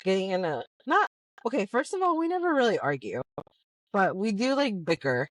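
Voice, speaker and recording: A woman's voice: medium pitch, sing-song, normal speed, no echo. A woman in casual, teasing banter with her husband, laughing often, talking in a car. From Latina. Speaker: host's wife, co-host. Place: car while driving.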